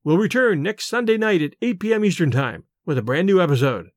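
A man reading a classic ghost story aloud in a measured, expressive way and hosting the show. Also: high-pitched, dry recording, clean studio sound. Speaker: narrator and podcast host.

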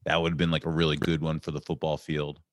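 Man, deep voice, podcast host, hesitant questions, dry sound. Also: completely flat delivery, no echo. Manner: halting, filler-heavy questions. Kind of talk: casual interview.

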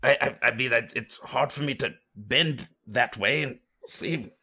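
A man's voice: mid-range voice, a little slow, creaky, pushed and bright, slightly rough. A man playing a tabletop game, exasperated and hesitant as he speaks in character. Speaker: player. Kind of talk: tabletop role-play.

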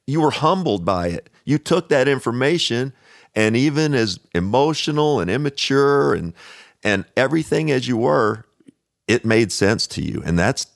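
Host, man with a low voice, affirming and reflective, dry close recording. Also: dry recording. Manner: warm affirming, repeats key phrases. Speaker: podcast host. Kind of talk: interview wrap-up.

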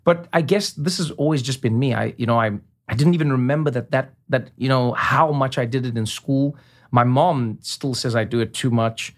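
A man, a comedian talking as a guest in a casual interview, animated and quick to slip into imitations. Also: mid-range voice. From South Africa. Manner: animated storyteller, slips into imitations.

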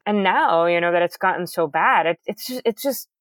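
A woman's voice: lowish voice, expressive, moderate pace, no echo, clean studio sound. A woman guest in a casual conversation, speaking candidly and directly about her own experience. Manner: candid and straightforward, with some restarts.

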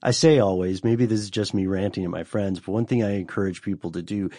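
Low-voiced man in rambling podcast chat. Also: fairly even intonation, fast, warm tone, no room sound, clean studio sound. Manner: rambling, self-deprecating, jokey asides. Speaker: podcast co-host. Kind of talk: casual chat.

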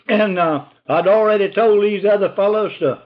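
Older man with a high, folksy drawl. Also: moderate pace. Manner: folksy, rambling, drops to a hushed voice for whispered lines. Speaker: storyteller. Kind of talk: oral history storytelling. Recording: dull lo-fi recording.

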